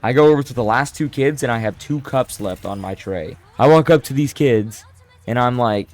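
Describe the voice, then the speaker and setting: Young guy, mid-pitched, rambling self-deprecating storyteller who trips over his words. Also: normal speed, dry recording. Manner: animated, self-deprecating, restarts a lot. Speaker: storyteller vlogger. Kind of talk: casual storytime monologue.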